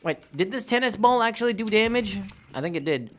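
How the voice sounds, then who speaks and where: A man's voice: sits high, lively intonation, fairly quick, heavy background noise. A man giving casual, profane gameplay commentary with drawling, mumbled asides. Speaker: gaming youtuber.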